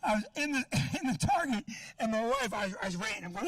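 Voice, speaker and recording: Brash, profane, high-voiced stand-up man. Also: expressive, fast talker, dry recording, recorded from a distance. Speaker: stand-up comedian. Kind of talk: stand-up set.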